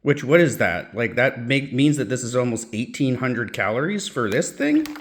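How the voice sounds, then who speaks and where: A man's voice: mid-range voice, sing-song, moderate pace, reverberant. A man reviewing snacks and drinks in a casual vlog, chatty and thinking aloud, often correcting himself. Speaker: food reviewer.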